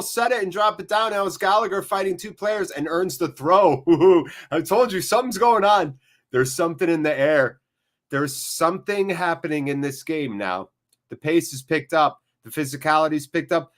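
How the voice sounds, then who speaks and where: A man hosting a live football watchalong, commentating and joking excitably and swearing freely. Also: on the high side, moderate pace. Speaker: watchalong host. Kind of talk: live match commentary and chat.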